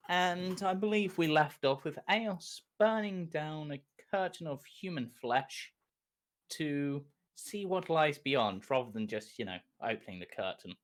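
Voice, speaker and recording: Unhurried animated game master narrating. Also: medium pitch. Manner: lively, laughs often, unhurried storytelling.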